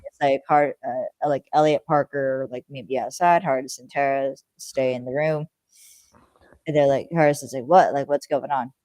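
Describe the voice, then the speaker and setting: Rambling podcast co-host, warm dark voice. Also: mid-range voice, fairly even intonation, moderate pace, clean tone, no room sound. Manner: rambling, lots of fillers, acts out characters' lines. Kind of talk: casual chat recapping a TV episode.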